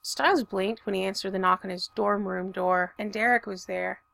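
Gravelly woman narrating a story. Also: medium pitch, steady tone, moderate pace, a bit bright, dry recording. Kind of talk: audiobook fiction reading.

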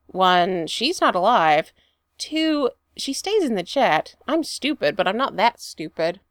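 Woman reading as a quiet earnest soldier. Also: mid-range voice, big pitch swings, slow, dry recording, clean studio sound.

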